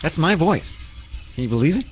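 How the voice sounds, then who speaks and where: Male radio host, rambling and self-mocking, with a lively, animated pitch and faint music under a slightly muffled recording. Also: a little fast. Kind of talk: comedic radio banter.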